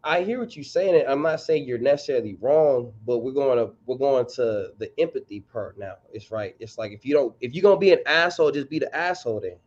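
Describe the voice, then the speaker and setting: A man's voice: mid-range voice, lively intonation, brisk, few pauses, highs cut off. A man co-hosting a casual sports podcast, blunt and full of slang as he argues his point. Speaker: podcast co-host.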